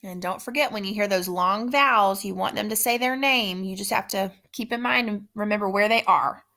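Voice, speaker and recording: A woman teacher giving a spelling dictation lesson, speaking slowly and repeating each word with patient care. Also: medium pitch, sharp tone. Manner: slow, patient, repeats words carefully.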